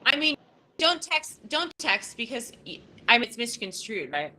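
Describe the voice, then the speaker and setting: Podcast host, woman in her fifties, bright and tense, blunt and swearing, emotional. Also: fairly high pitch, very animated, moderate pace, rough recording. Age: 50s. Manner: raw, emotional and profane, with many restarts. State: close to tears. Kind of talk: casual live podcast talk.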